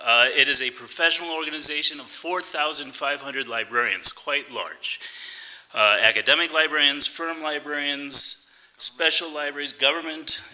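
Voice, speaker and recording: A man presenting an award, reading out a formal introduction at a steady pace with filler pauses. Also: a little high, low-quality recording.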